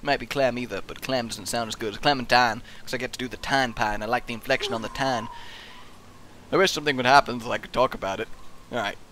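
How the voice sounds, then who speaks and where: A young man giving playful, excitable let's-play commentary and chatting to the game character as he plays. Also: mid-range voice, fast, slight background noise. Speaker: gaming video host.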